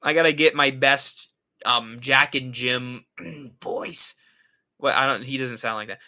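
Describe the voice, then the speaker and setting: A man's voice: medium pitch, measured pace, sharp tone. A man hosting a casual live stream, rambling and answering viewer comments. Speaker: horror channel host.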